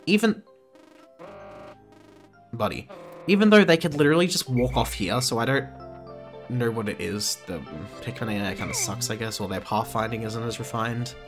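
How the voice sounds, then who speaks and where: Guy in his 20s doing chill lets-play commentary, mid pitch, keeps getting sidetracked, lots of ums, game music going loud behind. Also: moderate pace, long pauses. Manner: rambling, easily sidetracked, many fillers and restarts. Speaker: gaming channel host. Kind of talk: casual let's-play commentary.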